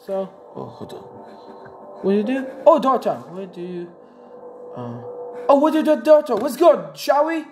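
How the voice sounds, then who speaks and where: A woman playing a horror game, talking in excitable, exclamatory bursts and swearing at it. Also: fairly high pitch, normal speed, long pauses, faint music behind, rough recording. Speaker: gamer. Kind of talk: let's play commentary. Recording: loud background noise.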